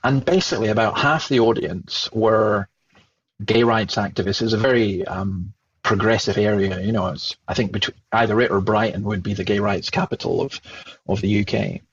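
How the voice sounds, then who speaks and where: A man with a Scottish accent, a guest telling a lively story and acting out the dialogue he remembers. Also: fairly low pitch, normal speed, muffled recording, slight background noise. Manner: animated, acts out remembered dialogue. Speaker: Christian speaker and guest. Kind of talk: storytelling in conversation.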